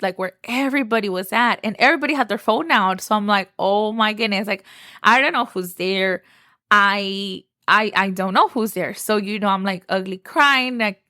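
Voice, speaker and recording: A young woman from Texas tells a story on her podcast, gushing and full of "like". Her voice sits at a middle pitch. The close mic gives a dry sound no room in it. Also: sharp tone, no echo. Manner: chatty, gushing, says "like" often. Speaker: podcast host. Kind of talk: casual storytelling.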